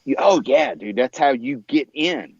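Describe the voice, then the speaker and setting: A man telling a long story in casual conversation, acting out what others said in a higher voice and laughing often, with plenty of fillers. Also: measured pace, slightly rough, no echo, muffled recording. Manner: animated, acts out quoted dialogue in a higher voice. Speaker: podcast guest.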